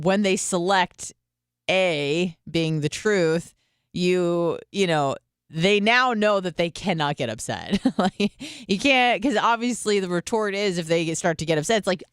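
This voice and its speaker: A woman's voice: low-pitched, animated, normal speed, clear, resonant tone, dry recording, clean studio sound. Candid, chatty woman radio host. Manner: candid, chatty, with profanity and acted-out quotes. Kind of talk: casual monologue.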